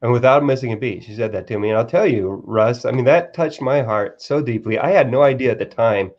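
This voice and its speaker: A man's voice: medium pitch, lo-fi sound. A man who is a guest author, earnestly telling a personal story in a live-stream interview, often restarting his sentences. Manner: earnest, halting with repeated restarts.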